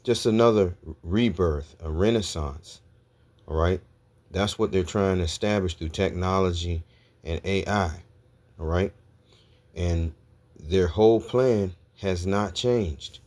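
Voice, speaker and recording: Male preacher, very low voice, reads scripture and tags nearly every point with "all right?". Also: takes it slowly, a little mellow. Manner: reads scripture aloud, peppers talk with "all right?" and "okay?". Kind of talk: scripture teaching sermon.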